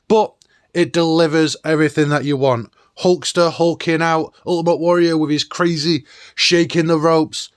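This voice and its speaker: A man hosting a nostalgic countdown video, talking in an enthusiastic, chatty way. His voice is clear and smooth, and it sits a little high. It is recorded dry and close. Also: no room sound. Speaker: host.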